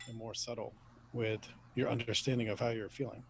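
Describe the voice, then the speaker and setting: A man on a discussion panel, speaking in a measured, hesitant way with fillers. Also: medium pitch, flat delivery.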